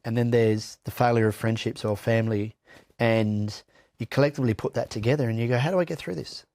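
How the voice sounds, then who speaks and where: A man's voice: fairly low pitch, a little mellow, no echo, clean studio sound. A middle-aged Australian man giving blunt, candid personal testimony in an interview, swearing freely and often restarting his sentences. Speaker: interview guest.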